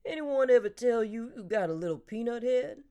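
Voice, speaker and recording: A woman's voice: on the high side, animated, moderate pace, dark tone, pitched above the performer's own voice, lightly acted. A woman voicing a kindly, teasing older man and grandfather who jokes in a dry, storytelling way.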